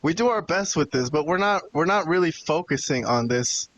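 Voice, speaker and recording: Venting to his co-hosts on a wrestling podcast, this man rambles and swears in a casual chat, his slightly high voice animated and fairly bright at a moderate pace. The sound is lo-fi, with a little hiss or hum.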